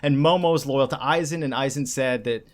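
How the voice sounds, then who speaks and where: A man in a casual podcast chat, retelling a story with animated energy. He drops in quick impressions of the characters' lines and talks at an ordinary, mid-range pitch. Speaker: podcast co-host. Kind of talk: casual chat recapping a manga.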